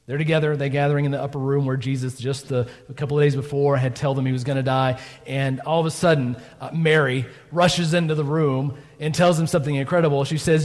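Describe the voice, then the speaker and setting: A man's voice: medium pitch, fairly quick, a little mellow. A man preaching a sermon, telling the story conversationally, acting out quotes and often asking "right?". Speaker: pastor. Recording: long reverb of a church hall.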